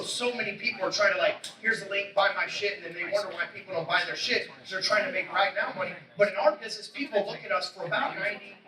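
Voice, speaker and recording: Brash guy swearing thru a sales pitch, fast talker, echoey event hall with the crowd in the room. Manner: brash, swears constantly, punchy. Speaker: keynote speaker. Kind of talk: profane motivational sales talk. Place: event stage before a live audience. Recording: roomy hall, mic from a distance, crowd.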